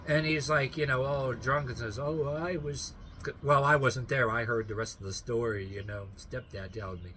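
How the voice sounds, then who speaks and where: A man's voice: medium pitch, fairly even intonation, moderate pace, hardly any pauses, pushed and bright, a little hiss or hum. A man telling a long story in a rambling, casual way, full of restarts and fillers, often holding back a laugh.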